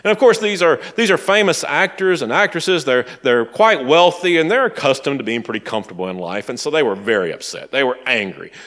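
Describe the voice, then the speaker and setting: A man from Tennessee preaches in a relaxed, storytelling way. His pitch moves a lot, and he sometimes drops into quiet asides. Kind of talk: sermon.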